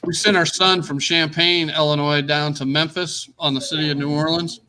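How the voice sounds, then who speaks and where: A middle-aged man joining a casual chat, quick to jump in with his own stories. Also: fairly high pitch, fairly even intonation, pushed and bright, slight background noise. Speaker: guest on the stream.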